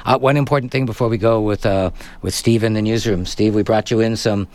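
A man's voice: fairly low pitch, steady tone, fairly quick, darkish tone. A man hosting a call-in tech radio show, chatting casually with guests and reading out listener messages. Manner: chatty, laughs easily, reads listener messages.

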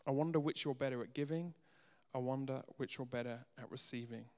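A man preaching a sermon as pastor, earnest, moving between soft quiet asides and emphatic raised lines. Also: medium pitch, fairly quick. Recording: long hall reverb.

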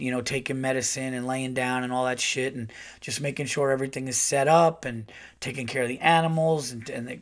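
A middle-aged man hosts his podcast and tells a long story in a loose, casual way. He rambles, swears freely and gets animated as he goes. His voice sits at an ordinary pitch for a man. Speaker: podcast host.

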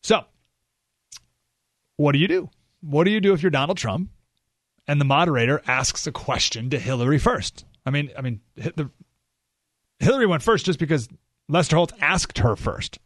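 A man's voice: on the high side, expressive, moderate pace, pauses often, a bit bright, dry recording. A man hosting a radio talk show, giving an emphatic, opinionated monologue full of rhetorical questions, recorded in a studio.

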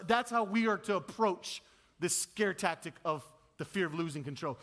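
A man in his thirties preaching a sermon, swinging between loud, high bursts and low, quiet asides. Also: normal speed. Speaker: pastor.

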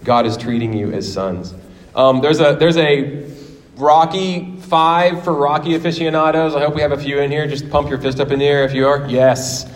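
A man in his forties preaching a sermon in a church, telling stories in a lively way and acting out quotes. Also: fairly high pitch, normal speed. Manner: animated storytelling with acted quotes. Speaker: pastor. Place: church sanctuary. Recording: long hall reverb.

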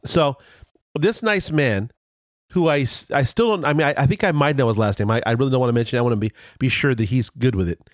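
A man telling a road story in casual chat, rambling with restarts and fillers, and his voice jumps higher when he gets excited. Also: quick pace, no echo, clean studio sound.

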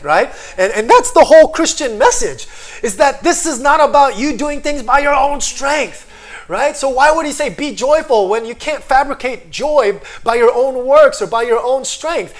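A pastor preaching a sermon, often checking in with the congregation with "amen?" and "right?", moving between quiet low stretches and loud, high emphatic bursts.

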